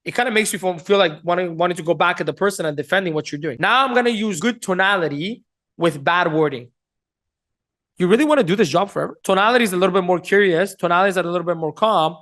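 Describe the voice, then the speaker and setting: A man's voice: sits high, fast talker, bright, forceful tone. A man teaching sales communication, directly addressing viewers and acting out example questions to show tone. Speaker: sales trainer. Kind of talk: teaching to camera.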